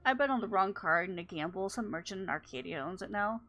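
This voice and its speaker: A woman voicing a sly, flirtatious female swindler and thief as she reads game dialogue aloud, playing up a coy, innocent act with a slightly gravelly voice. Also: medium pitch, animated, fast talker, fairly bright tone, dull audio, soft background music. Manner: coy and theatrical, feigning innocence.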